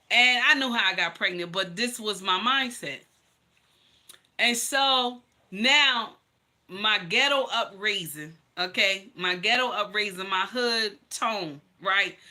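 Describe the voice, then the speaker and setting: Bright, forceful woman telling her story. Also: medium pitch, unhurried. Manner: emphatic, blunt and profane, calls listeners honey. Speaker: livestream host. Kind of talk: personal storytelling to viewers.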